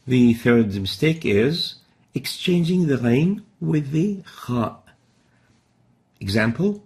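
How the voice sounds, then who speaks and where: A man's voice: medium pitch, sing-song, takes it slowly, darkish tone. A man teaching a recorded recitation lesson, explaining each pronunciation mistake step by step and then sounding out the Arabic letters himself.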